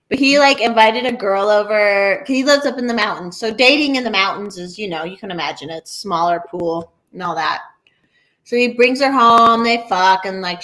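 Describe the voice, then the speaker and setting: A young woman co-hosting a podcast, telling stories in casual, animated chat full of swearing. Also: medium pitch. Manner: animated, profane, storytelling. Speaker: podcast co-host.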